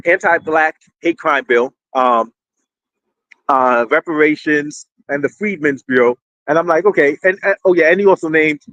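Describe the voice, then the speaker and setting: A man hosting casual live-stream commentary, rambling and animated, often repeating words as he restarts. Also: on the high side, dry recording, rough recording. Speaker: political commentary host. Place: indoors near a street with fire trucks.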